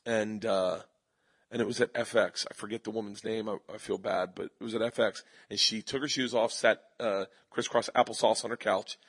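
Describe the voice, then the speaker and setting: A husky man spins animated comedy stories as an interview guest. He jumps into quick impressions of the people in his tales, with a slightly breathy edge to his voice. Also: on the low side. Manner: animated storyteller doing quick voices of others. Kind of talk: storytelling interview. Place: live audience at a comedy festival.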